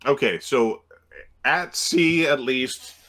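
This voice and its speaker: A man's voice: medium pitch, slow pace, sharp tone. A man running a tabletop game as game master, hesitant, with many fillers and restarts and easy laughter.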